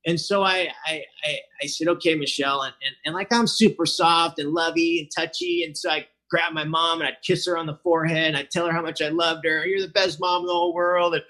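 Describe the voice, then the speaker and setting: Man in his forties, casual personal talk, slightly high voice, loose and rambling delivery. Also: steady tone, a little fast, few pauses, sharp tone. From Southern California. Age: 40s. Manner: casual, rambling, many fillers and restarts. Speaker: recovery meeting speaker. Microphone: online meeting.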